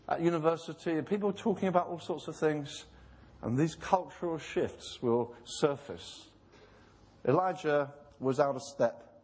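A man preaches a sermon in a slightly raised, husky voice. He is earnest, acts out the voices he quotes, and slows down to stress his points. The sound carries the long reverb of a large hall. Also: on the high side.

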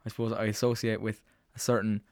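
A man's voice: lowish voice, flat delivery, fast, darkish tone, no room sound, studio quality. A young man hosting a student radio show, chatting casually and rambling with lots of "like" fillers. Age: young adult. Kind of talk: casual chat on air.

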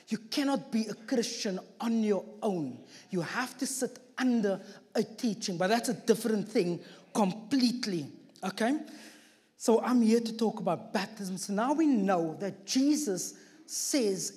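A man's voice: high voice, darkish tone. Man preaching in an echoey church hall. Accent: non-local accent. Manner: informal, jokey asides, self-deprecating about his accent. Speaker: guest preacher. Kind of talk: sermon.

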